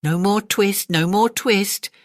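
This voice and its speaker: A woman's voice: medium pitch, slow, no room sound, clean studio sound, voice pushed up, natural voice. An English woman voicing a chorus of tiny cheeky mice, chanting nursery rhymes in a sing-song way.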